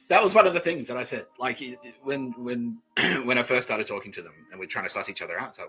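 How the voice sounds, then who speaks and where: A man hosting a live podcast stream rambles through a comic monologue, swearing often and laughing at his own jokes. His mid-range voice moves briskly, picked up by a desk microphone with dull audio.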